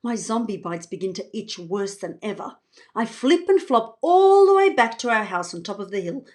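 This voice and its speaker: A woman author reading her children's book aloud in an expressive, playful voice. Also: medium pitch, moderate pace. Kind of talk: children's storybook read-aloud.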